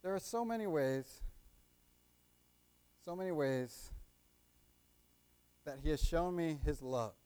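Young male lay preacher, high pitch, animated delivery, calls out to the congregation. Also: slow pace, pauses often, clear, resonant tone. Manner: repeats "right?" to the congregation; call and response with the audience. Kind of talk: sermon.

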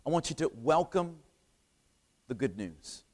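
A male preacher delivering a sermon with animated storytelling, rhetorical questions and call-and-response with the congregation. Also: on the high side, measured pace, low-quality recording.

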